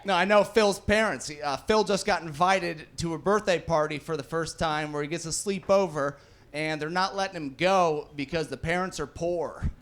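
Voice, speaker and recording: Guy doing stand-up at a club, kinda high voice, loose and sweary, does little voices for people in his bits. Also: moderate pace, a bit bright. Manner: casual, swearing, acts out quotes. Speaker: stand-up comedian. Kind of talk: stand-up set. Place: comedy club stage with live audience.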